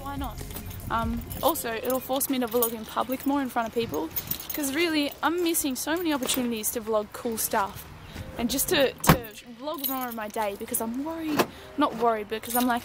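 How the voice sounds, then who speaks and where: A woman's voice: fairly high pitch, moderate pace, background noise. Chatty woman, breathless. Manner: rambling, chatty, self-deprecating. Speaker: vlogger. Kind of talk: casual vlog chat. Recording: music playing behind.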